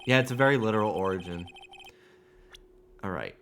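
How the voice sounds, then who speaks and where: A man's voice: on the low side, lively intonation, a little fast, pauses often, fairly bright tone, slight background noise. A man streaming a video game, joking and swearing in casual, rambling commentary.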